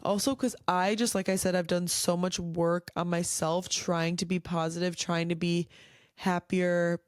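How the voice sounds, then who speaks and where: Tired and blunt, a woman rants on her own podcast at home late at night, cursing freely and filling gaps with "like." She speaks a little slowly at a fairly low pitch with a level tone, and the studio sound is clean with no echo.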